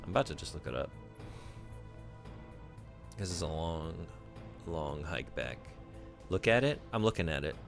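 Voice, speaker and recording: A man with a very deep, gravelly voice chats his way through a game on stream. He rambles, thinks out loud and answers his chat, his pitch swinging up and down a lot, with faint music underneath. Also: lively intonation, a little slow, pauses often. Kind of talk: casual gaming stream chat.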